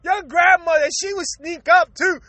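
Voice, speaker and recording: A man with a very high, bright, tense voice tells rowdy comic stories in a loose podcast chat. He swears constantly, laughs through his lines and hammers his points with loud emphasis. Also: steady tone, moderate pace, dry recording. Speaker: podcaster recalling his own episode. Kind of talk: casual comic storytelling.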